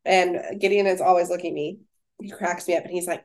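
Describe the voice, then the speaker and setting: A woman's voice: mid-range voice, lively intonation, fast, a little mellow. A young woman co-hosting a casual faith-based podcast, reading scripture verses and then chatting about them with fillers. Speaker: podcast co-host.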